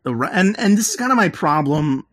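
A man's voice: fairly high pitch, very animated, fairly quick, fairly bright tone, no echo. Rambling man recapping a movie, dry sound. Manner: rambling, heavy with "like" and "um", laughs at his own retelling. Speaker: podcast co-host recapping a film. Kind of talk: casual chat.

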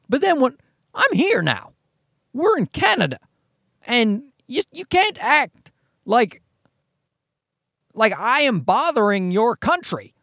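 A man's voice: extremely high pitch, very animated, takes it slowly, gravelly, long pauses, fairly bright tone, no echo, clean studio sound. A man, likely in his thirties, telling a comic story as a profane, exasperated rant.

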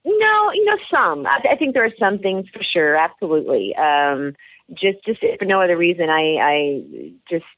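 A woman whose voice is on the low side speaks at normal speed in a sing-song way, answering radio interview questions about her writing and career. The actress and author is candid and rambling, with many restarts and fillers, and the recording is dry and narrow-band like a phone.

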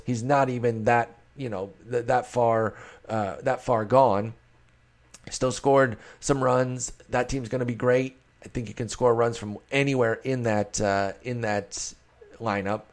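Chatty man breaking down baseball stats. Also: medium pitch. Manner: chatty, self-deprecating, rambling with restarts. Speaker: fantasy baseball podcast host. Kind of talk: casual solo analysis.

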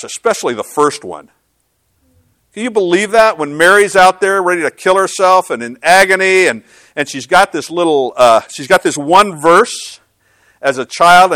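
Male pastor, middle-aged, sermon, conversational storytelling, self-deprecating, slightly high voice. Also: fairly bright tone, dry recording.

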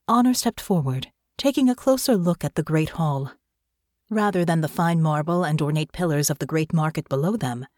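Low-voiced woman narrating an audiobook. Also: darkish tone, no echo, clean studio sound. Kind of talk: scripted narration.

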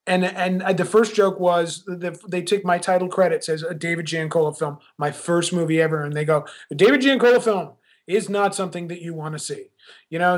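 A film director being interviewed, talking casually and laughing at himself, with lots of restarts. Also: male voice, a little high, fairly bright tone. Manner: chatty, self-deprecating, many restarts.

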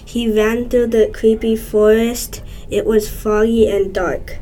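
Woman reading a short story real slow, soft dark tone. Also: fairly high pitch, level tone, faint music behind, poor audio. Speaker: story reader.

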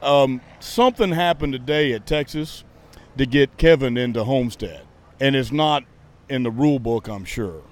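A man's voice: mid-range voice, moderate pace. A man, a podcast host and racing fan, ranting in a heated, sarcastic, profane way during a casual chat. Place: outdoors at a racetrack.

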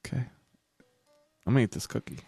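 A man's voice: fast, warm tone, no echo, soft background music. A middle-aged man co-hosting a podcast, chatting crudely and casually with lots of ums and swearing. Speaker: podcast co-host.

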